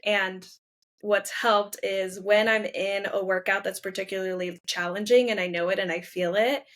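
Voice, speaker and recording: A woman with a mid-range voice talks as an interview host. Her manner is relaxed and conversational, and she nods along with her guest. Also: medium pitch, normal speed. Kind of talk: casual conversation.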